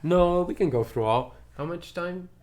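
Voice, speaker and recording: A man's voice: sits high, normal speed, darkish tone. A man streaming from home in a casual, chatty way, enthusiastically praising things and often repeating himself. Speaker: streamer showing his movie collection.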